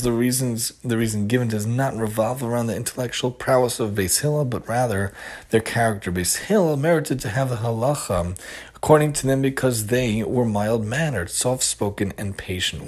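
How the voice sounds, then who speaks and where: A man hosting a recorded religious lesson, retelling stories in an earnest, measured teaching cadence. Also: mid-range voice, husky. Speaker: host of a Torah lesson show.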